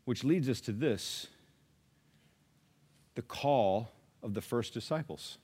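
A man preaching a sermon, conversational and dynamic, swinging between loud emphatic lines and hushed asides while acting out listeners' replies. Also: medium pitch, expressive, takes it slowly, husky. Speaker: pastor.

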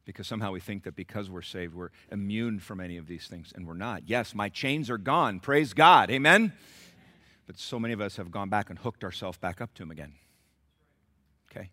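A middle-aged man preaching with a bright, forward tone and a pitch that leaps all over. He shifts from quiet, low asides to loud, high-pitched outbursts, acting out the people in the story. A dramatic pulpit delivery. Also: animated, fairly quick. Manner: acts out the voices of the people in the text. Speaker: pastor. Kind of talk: sermon.

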